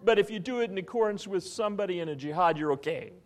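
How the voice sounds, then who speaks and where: A man preaching a sermon in an animated teaching style, often asking his listeners questions. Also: high voice, fast talker. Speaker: pastor.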